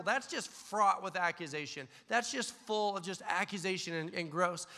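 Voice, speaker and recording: A man delivers a sermon in a high, bright, forceful voice. His words ring out with a long reverb, as if filling a church hall. He tells stories and acts out voices as he preaches. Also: expressive, moderate pace, creaky, few pauses. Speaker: pastor. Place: church sanctuary.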